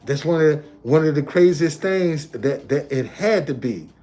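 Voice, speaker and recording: This live streamer, speaking from a hotel, keeps looping back to restate what he's said in a casual, rambling manner. His voice is a little high, warm and expressive, at a normal speed.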